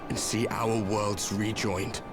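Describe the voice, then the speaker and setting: Grim masked villain. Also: male voice, on the low side, flat delivery. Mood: grave. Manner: solemn, archaic, measured delivery. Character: grim masked male warrior from another world. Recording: game cutscene with loud score. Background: orchestral game music.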